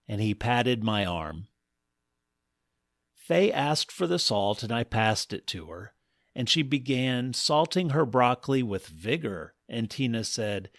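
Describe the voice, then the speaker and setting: A man telling a comic first-person story in a wry, deadpan manner. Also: medium pitch, slow, no room sound, studio quality. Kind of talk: scripted comic narration.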